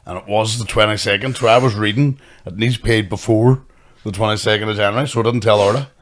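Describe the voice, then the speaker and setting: A man's voice: on the low side, steady tone, fast talker, a little hiss or hum. A man with a Northern Irish accent, co-hosting a podcast with blunt, sweary banter. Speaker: podcast co-host. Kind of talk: casual banter.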